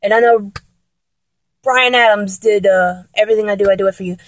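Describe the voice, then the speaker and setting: A woman talks casually to viewers about songs she loves, rambling with lots of ums and restarts and breaking into snatches of songs, sung badly. Her voice is mid-range and brisk with fairly even intonation, and the recording is dry.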